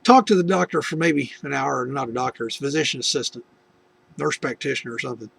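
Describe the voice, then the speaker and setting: A man's voice: medium pitch, fast talker, creaky, fairly bright tone, husky. A middle-aged man from the United States telling a personal faith testimony, rambling with many restarts and asides. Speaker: video testimony host.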